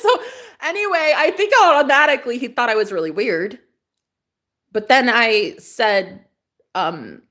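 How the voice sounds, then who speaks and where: Animated young woman telling a story. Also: a little high, normal speed. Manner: animated, chatty, swears freely, acts out quoted voices. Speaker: vlogger telling a personal story. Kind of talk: casual storytelling.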